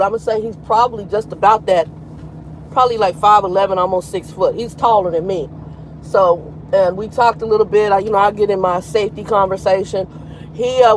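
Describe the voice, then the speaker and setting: A woman's voice: mid-range voice, darkish tone, slight background noise, rough recording. A woman in her fifties, a truck driver chatting frankly on a casual live stream and greeting viewers by name. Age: 50s. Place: in a truck cab at a terminal.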